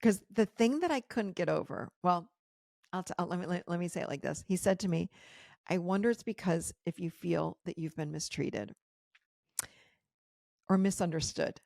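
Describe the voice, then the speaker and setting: Middle-aged female podcast host, low gravelly voice, candid storytelling with quoted dialogue, dry close sound. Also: moderate pace, pauses often, a little mellow, no room sound. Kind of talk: personal storytelling.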